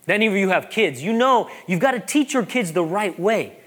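Animated man preaching with a lively voice. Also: high voice, brisk. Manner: animated, joking asides, repeats phrases for emphasis. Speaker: pastor. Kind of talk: sermon.

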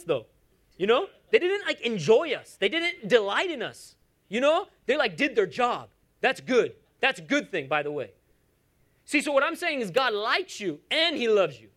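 A man in his thirties preaching a sermon as a pastor, animated and conversational, with humorous asides. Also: high voice.

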